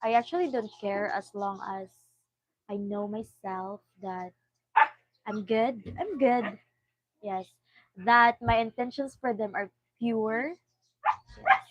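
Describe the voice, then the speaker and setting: A woman's voice: on the high side, takes it slowly, pauses often, dry recording, dull audio. A woman in a casual emotional conversation on a live stream, giggly and tearful, laughing between her answers.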